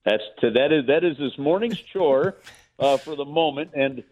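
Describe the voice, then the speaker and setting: Male phone-in guest, chatty animated storyteller, tinny phone line. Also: a little high, normal speed. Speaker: team play-by-play broadcaster, guest. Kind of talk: casual phone-in chat, storytelling. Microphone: phone call.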